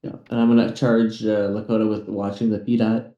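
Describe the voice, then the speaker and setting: A man with a very dark, mellow voice leads his crew through a tabletop game, pausing often to think. His speech is hesitant and full of ums. The room around him is echoey. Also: on the low side, little pitch movement, lo-fi sound. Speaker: player as ship captain.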